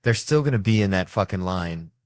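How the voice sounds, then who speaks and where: A man with a very low voice performs stand-up comedy. He tells his stories in an animated, foul-mouthed way. The sound is dry and close. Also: a little fast, no room sound. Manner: animated, profane storytelling.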